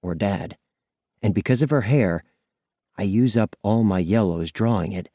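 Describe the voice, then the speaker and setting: A man narrating an audiobook in the first person, expressive and lively in his storytelling. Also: on the low side, unhurried, no echo, studio quality.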